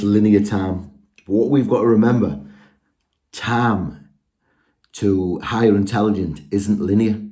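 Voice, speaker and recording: A man with a low, mellow voice talking straight to his viewers in a loose, rambling monologue. He restarts his sentences often, and his tone stays earnest throughout. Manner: rambling, self-correcting, earnest. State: out of breath. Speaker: spiritual video speaker.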